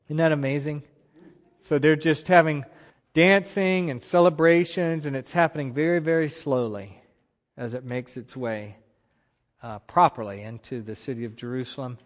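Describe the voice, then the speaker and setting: A man teaching a Bible passage in a relaxed, conversational way, retelling the story with animated asides. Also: a little high, moderate pace, in a large hall, lo-fi sound. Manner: animated, retells scripture with voiced quotes.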